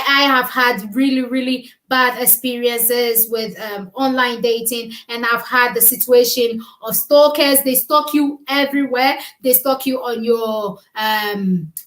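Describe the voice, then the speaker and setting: A woman's voice: fairly high pitch, a little slow, a bit bright. A woman co-hosting a casual chat, talking earnestly and emphatically, often repeating her words. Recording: echoey room.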